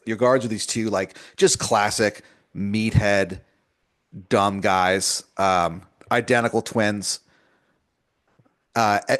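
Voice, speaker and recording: A man's voice: lowish voice, dry recording, studio quality. A man hosting a podcast, improvising a second-person story with lots of fillers and chuckles as he goes. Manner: rambling, filler-heavy, chuckles through his own story. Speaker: host narrating an improvised story.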